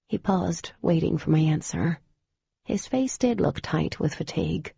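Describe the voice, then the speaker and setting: A woman narrating a first-person audiobook in a measured, intimate storytelling way. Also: low voice, animated, creaky, warm tone, slightly rough, no echo, lo-fi sound.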